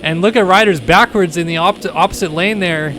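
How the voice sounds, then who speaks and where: A man hosting and calling an online motocross race stream, jokey and casual, getting excited at the start. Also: high voice, brisk, background noise. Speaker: race commentator and stream host. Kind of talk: casual play-by-play commentary.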